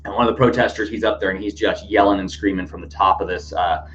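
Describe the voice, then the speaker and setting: A man's voice: deep voice, fairly even intonation, fast, fairly bright tone. A man hosting a casual news commentary podcast, rambling with many fillers and restarts. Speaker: podcast host. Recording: dull lo-fi sound with faint hum.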